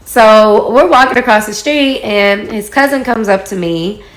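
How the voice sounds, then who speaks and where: A woman's voice: on the high side, unhurried. A woman in her forties telling a personal story in a casual, chatty way, acting out the quoted dialogue. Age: 40s. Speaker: storyteller in a social media video. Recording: echoey room.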